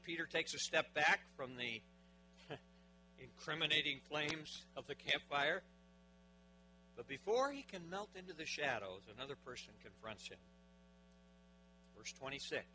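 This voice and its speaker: Male preacher, somewhat high, very bright and piercing tone, dramatic sermon with rhetorical questions. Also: slight background noise, poor audio. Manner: dramatic, with big swings in loudness and pitch, asking the listeners questions.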